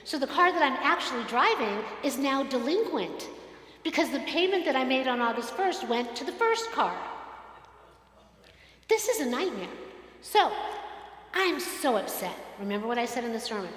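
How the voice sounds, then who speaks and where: A woman clergy member tells a long personal story from the pulpit in a slightly high voice, acting out each exchange. The sound is roomy, with a long hall reverb around her. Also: sing-song, normal speed, fairly bright tone. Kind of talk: conversational sermon story. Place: synagogue sanctuary.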